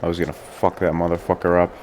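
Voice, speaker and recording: A man's voice: low-pitched, completely flat delivery, fast, darkish tone, a little hiss or hum. A young man giving casual gameplay commentary, rambling between topics, swearing often and joking at his own expense. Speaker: gaming YouTuber.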